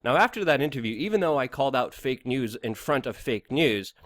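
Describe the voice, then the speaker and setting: A young man hosting his own vlog, telling a personal story in an animated way and acting out the people he quotes. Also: mid-range voice, fairly quick, no room sound. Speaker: independent journalist host.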